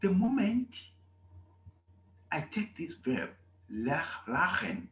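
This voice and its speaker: A man's voice: a little high, sing-song, slow pace, fairly bright tone, echoey room, dull audio. A man teaching German verbs in a classroom lesson, repeating himself often and checking with "okay?". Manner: repetitive, emphatic, asks "okay?" often.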